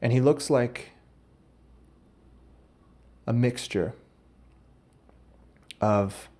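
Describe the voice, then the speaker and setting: A man with a warm, medium-pitched voice speaks very slowly as he hosts his podcast. The monologue is a rambling, ridiculous comic story full of moments where he interrupts and corrects himself.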